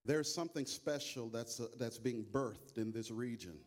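A bishop preaching to a church congregation, singing worship lines and leading the room in call and response. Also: male voice. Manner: sings with long drawn-out high notes. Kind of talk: worship singing then sermon. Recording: live church mic with music behind.

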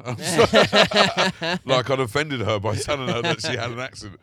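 A man with a London English accent, chatting casually and telling animated stories in a park. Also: medium pitch, moderate pace, a little hiss or hum. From England. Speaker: podcast co-host. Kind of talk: casual chat. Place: outdoors in a park.

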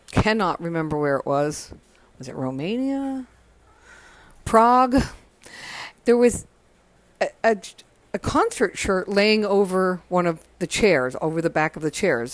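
Recorded dry at home, this podcast host's voice sits on the low side. She's overtired and rambling, telling casual stories, catching and fixing her own words as she goes and performing the quotes aloud.

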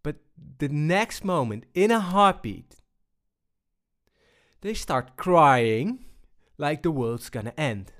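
A man giving a personal talk on balance, unhurried and full of pauses and restarts. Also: a little high, lively intonation, a bit bright. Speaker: speaker on balance.

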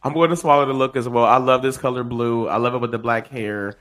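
A man's voice: mid-range voice, fast. A man co-hosting a podcast, giving casual, playful reality-show recap commentary. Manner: animated, playful banter. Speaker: podcast co-host.

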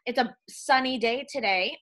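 A woman's voice: a little high, a little slow, a bit bright. A young woman co-hosting a podcast, chatting casually, laughing often and acting out quotes. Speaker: podcast co-host. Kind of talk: casual chat.

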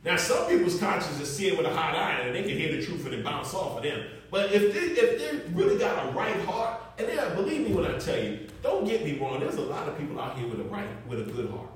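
A male preacher with a high, lively voice, swinging widely in pitch as he drives his points home. He preaches in an emphatic, conversational way, calling out to the congregation. The sound is roomy and echoing, picked up from a distance. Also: brisk, few pauses. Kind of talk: sermon. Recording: echoey room, mic far off.

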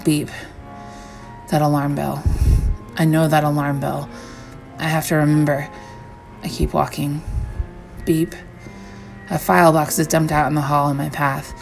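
A woman with a low, gravelly voice reads a first-person horror story in a measured way. She slows down on the eerie lines while faint music plays underneath. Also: little pitch movement. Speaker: story reader.

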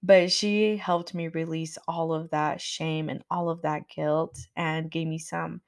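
Young woman telling her story on her podcast, super candid, lots of "like", kinda low voice. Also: level tone, a little slow. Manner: candid, chatty, frequent "like" and laughs. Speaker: podcast host.

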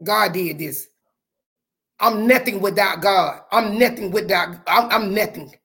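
A woman hosting a podcast, talking to her listeners with fervent, repetitive, preacher-like faith talk, her voice going hoarse. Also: medium pitch, a little slow, pushed and bright. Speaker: podcast host.

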